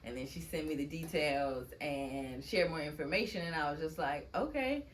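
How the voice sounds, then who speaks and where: Chatty woman with AAVE, lower voice. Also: steady tone, normal speed, a little hiss or hum. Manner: chatty storyteller, laughs often, acts out quotes. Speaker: poet and guest. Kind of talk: casual interview chat.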